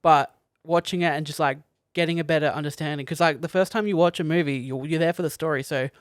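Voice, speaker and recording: Enthusiastic higher-voiced man chatting films. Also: fairly even intonation, fast, no room sound, clean studio sound. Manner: enthusiastic, rambling with many fillers. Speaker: podcast co-host. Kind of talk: casual film discussion.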